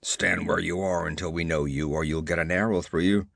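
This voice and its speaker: A hard-faced frontier leader, read by a man, who challenges strangers in a harsh, clipped voice. He speaks low and stern. The storybook sound is close and dry. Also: fairly even intonation, fairly quick, gravelly, a bit bright, no room sound, exaggerated voice.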